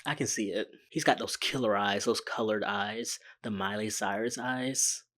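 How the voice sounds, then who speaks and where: A man's voice: fairly low pitch, normal speed, fairly bright tone. A man giving casual reaction commentary on a TV show, chatty, blunt and joking. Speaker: reaction video host.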